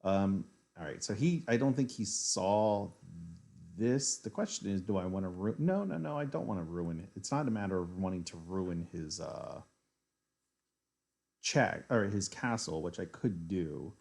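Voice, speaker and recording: A man's voice: deep voice, lively intonation, unhurried, vocal fry, darkish tone. A man streaming a live chess game, thinking aloud as he weighs his moves, muttering and correcting himself as he goes. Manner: muttering, self-correcting, analytical.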